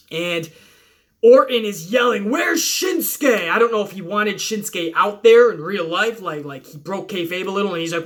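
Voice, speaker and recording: A high-pitched middle-aged man talks through a wrestling episode in a loose vlog recap. He swears constantly, rambles and drifts between points as he goes. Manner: profane, animated, rambling. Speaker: wrestling show reviewer. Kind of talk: casual opinionated recap vlog.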